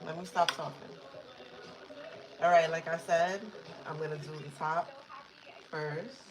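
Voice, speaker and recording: A woman hosting a live sewing tutorial, talking viewers through each step in a casual, chatty way and speaking up loudly over her work. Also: deep voice, fairly even intonation, unhurried, roomy sound, crowd noise, low-quality recording. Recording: noticeable background noise.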